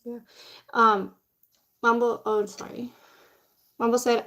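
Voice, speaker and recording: A woman's voice: a little high, moderate pace. A young woman streaming casually from home while doing her makeup, chatty and blunt, swearing without fuss.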